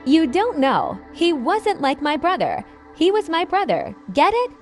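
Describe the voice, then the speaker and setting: Young male soldier, raw and blunt, voiced by a woman, high, wide-ranging pitch. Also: sing-song, measured pace, soft background music, heavily acted. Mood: angry.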